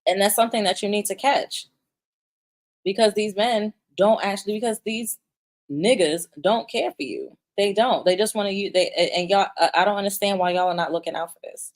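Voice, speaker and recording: A woman's voice: medium pitch, a little fast. A young woman giving blunt, profane, emphatic commentary, restarting her sentences, and sometimes reading viewer comments aloud. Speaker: commentary vlogger. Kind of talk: opinionated commentary.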